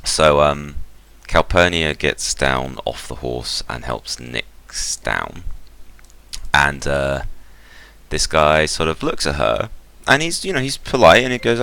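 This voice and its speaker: A man's voice: extremely low pitch, sing-song, slow pace, creaky, bright, forceful tone, clear, resonant tone. A man narrating a tabletop game as game master, rambling with many fillers.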